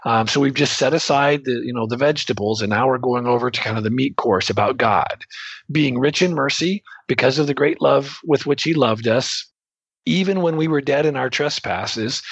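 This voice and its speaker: A man with a slightly husky voice talks through Greek grammar like a relaxed teacher, reaching for everyday comparisons. The recording is dry and a bit muffled, with no room sound. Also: medium pitch, no echo. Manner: explains with everyday analogies, loose and chatty. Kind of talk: conversational teaching talk.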